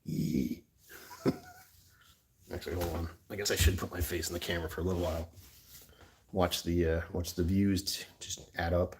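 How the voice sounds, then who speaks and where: A man's voice: deep voice, level tone, fairly quick, pauses often, a little hiss or hum. A man hosting a casual livestream from his phone indoors, rambling, joking and laughing often. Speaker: livestream host. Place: indoors on a rainy afternoon.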